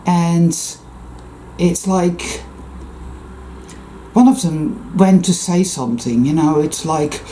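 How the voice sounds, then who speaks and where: Rambling, sweary man with a mellow voice. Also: on the high side, slow, pauses often, a little hiss or hum. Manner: profane, digressive, frequent self-interruptions. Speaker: vlogger. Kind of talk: rambling personal monologue.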